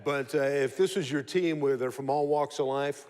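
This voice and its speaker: A man's voice: medium pitch, normal speed, a little mellow. A man hosting a morning show, asking a guest a casual question with a few restarts. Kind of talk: casual interview chat. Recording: long hall reverb.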